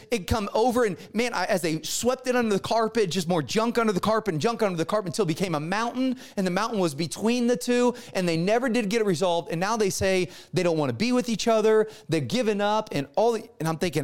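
A middle-aged male pastor telling a story in a sermon, acting out the dialogue with lively energy. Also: sits high.

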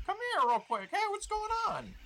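A man voicing a panicky goblin spearman in a high, shrill, squeaky voice. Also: very animated, moderate pace, background noise, exaggerated voice. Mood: suspicious.

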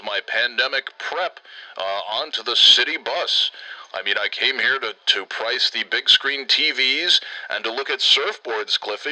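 A man's voice: mid-range voice, pushed and bright, no room sound, rough recording. A man doing a whiny rambling uncle. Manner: rambling, complaining. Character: whiny self-absorbed middle-aged uncle.

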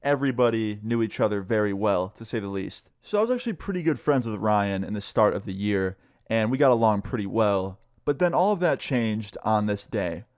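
A man's voice: lowish voice, animated, brisk, few pauses, darkish tone, no room sound, studio quality. Young man telling a loose story. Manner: loose, profane, full of "like". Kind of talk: casual story time.

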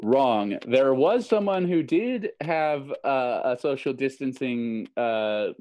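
A man co-hosts a casual podcast from a video call and runs a little headline-guessing game. His voice sits at an ordinary middle pitch, and his tone is easygoing. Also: lively intonation, takes it slowly, a little mellow, low-quality recording. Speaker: podcast co-host.

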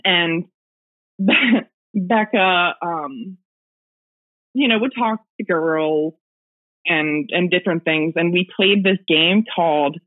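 Speaking slowly with frequent pauses in a fairly low voice, a woman guest recounts a personal ghost story on a remote call. The audio is tinny like a phone line, and her telling is rambling, casual, and dotted with fillers and little laughs.

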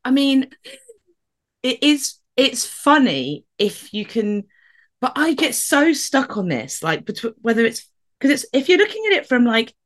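Lively, fairly high-voiced podcast woman. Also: measured pace. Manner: chatty, laughs often, second-guesses herself. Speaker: podcast co-host. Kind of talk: casual chat.

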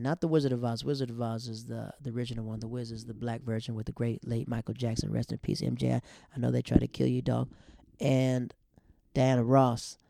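A man's voice: medium pitch, vocal fry, dark tone, no echo, clean studio sound. A young man hosting a podcast, chatting loosely and laughing at his own stories. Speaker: podcast host. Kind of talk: casual storytelling monologue.

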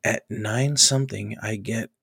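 A man telling a personal story in a casual podcast chat, animated and acting out the people he quotes, often laughing. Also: fairly low pitch, a little slow, vocal fry, slightly rough, no room sound, studio quality. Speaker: podcast host.

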